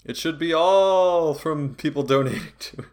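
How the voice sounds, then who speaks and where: A man's voice: fairly high pitch, normal speed. Teasing laid-back man chatting. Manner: teasing, laughs often. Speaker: podcast co-host. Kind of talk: casual chat.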